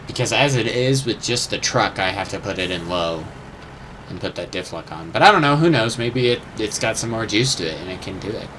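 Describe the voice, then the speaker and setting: A man's voice: fairly low pitch, lively intonation, a little fast, a bit bright, slight background noise. A young man chatting casually over his gameplay, rambling and unsure, swearing now and then and humming little sound effects. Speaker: gamer.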